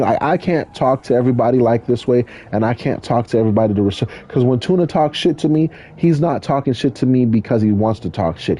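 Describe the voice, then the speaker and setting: Husky low-voiced man telling stories. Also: warm tone. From California. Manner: profane, rambling, blunt. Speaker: drift driver and streamer. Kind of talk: casual storytelling while gaming.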